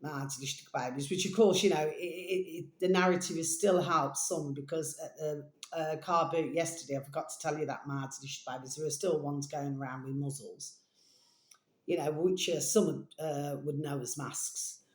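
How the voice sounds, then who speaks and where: A woman vlogging in a rambling, casual monologue, full of fillers and slow dictation. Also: sits low, steady tone. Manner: meandering, full of fillers, dictating text slowly; coos baby talk to her pet. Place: home room. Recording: echoey room.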